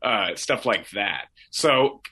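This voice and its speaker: A young adult man from Oregon, a voice actor telling his backstory in a relaxed, rambling way full of fillers and restarts. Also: lowish voice, slow pace, slightly rough. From Portland, Oregon. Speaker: voice actor guest. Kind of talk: casual interview chat.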